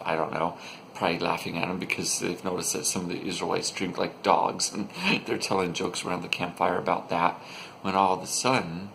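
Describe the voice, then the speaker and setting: Gravelly, chatty male storyteller. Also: low voice, a bit bright, a little hiss or hum, poor audio. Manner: chatty, joking, restarts with "and, and". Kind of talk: casual spoken retelling.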